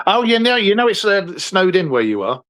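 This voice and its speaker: A man's voice: high voice, sing-song, a little fast, fairly bright tone. Chatty, swearing English man. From England. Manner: chatty, swears freely, rambles. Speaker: podcast host. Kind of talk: casual chat.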